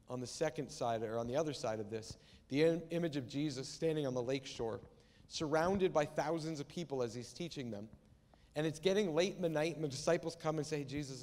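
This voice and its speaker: A man's voice: mid-range voice, a little mellow. A man preaching a sermon as pastor, talking in a conversational way and acting out Bible quotes. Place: church sanctuary. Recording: long reverb of a church hall.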